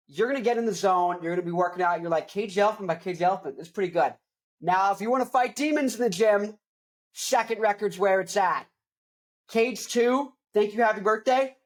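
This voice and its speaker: Rambling young man hosting a rock show. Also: high voice. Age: young adult. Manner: rambling, digressive, jokey. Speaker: host. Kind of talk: casual album review chat.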